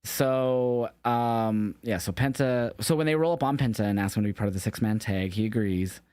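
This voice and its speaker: Young male co-host, low-pitched, dry sound; casual, rambling recap delivery that corrects itself. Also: moderate pace, darkish tone, clear, resonant tone, no echo. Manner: rambling, loose, swears casually, self-correcting. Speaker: podcast co-host. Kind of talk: casual wrestling recap chat.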